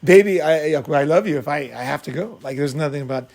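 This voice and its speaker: Brief: animated, blunt dating coach, a man with a gravelly, slightly high voice who acts out scenes. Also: quick pace. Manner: animated, acts out both sides, blunt and profane. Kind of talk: casual talk with acted-out scenes.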